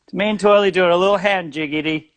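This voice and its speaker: A man plays a sardonic felt puppet comedian with an Australian accent, pitched rather high. He banters in a dry, self-mocking way, wandering off into asides. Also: fast talker, a crowd in the background, close to an everyday voice. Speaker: guest comedian.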